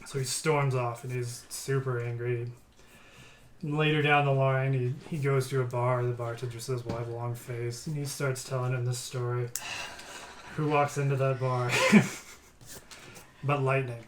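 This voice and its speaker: A man's voice: medium pitch, little pitch movement, moderate pace. Man spinning a playful shaggy-dog joke. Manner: playful, chuckles through the telling. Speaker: player telling a joke story. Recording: roomy room with faint hiss.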